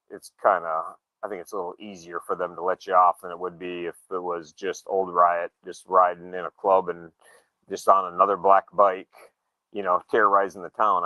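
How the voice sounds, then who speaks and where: Male storyteller, low and dry-miked, punchy tone, laid-back chat. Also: no room sound, rough recording. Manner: relaxed, acts out quoted dialogue. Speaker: show regular, motorcyclist.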